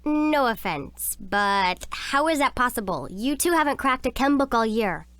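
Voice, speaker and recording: A bright teenage schoolgirl, high and lively. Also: a little slow, clear, resonant tone, no room sound. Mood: skeptical. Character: bright teenage girl, science-savvy student. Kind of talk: video game voice acting.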